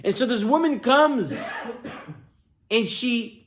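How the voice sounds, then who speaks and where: A man, a rabbi, preaching a sermon as an animated storyteller who addresses listeners directly and swings from loud to near-whisper. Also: very high-pitched, takes it slowly, pauses often.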